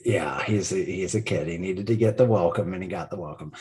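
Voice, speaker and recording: A man with a somewhat low voice co-hosts a relaxed sports podcast. He walks through the night's plays one by one and breaks into laughter often. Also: fairly quick. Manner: play-by-play recap, laughs often. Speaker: podcast co-host. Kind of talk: casual sports chat.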